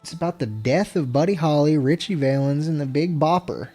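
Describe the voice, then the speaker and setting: A man's voice: fairly high pitch, fairly quick, a little mellow, breathy edge, soft background music. A young man streaming a video game, chatting casually in a rambling, profane way and getting easily exasperated. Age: young adult. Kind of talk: casual gameplay commentary.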